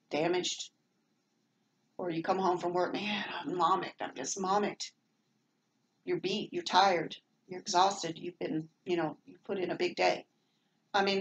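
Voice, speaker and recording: A woman's voice: lowish voice, a little hiss or hum, poor audio. Chatty middle-aged Southern woman vlogger. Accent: Southern American. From American South. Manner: chatty, meandering, many fillers and restarts. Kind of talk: rambling casual monologue. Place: home.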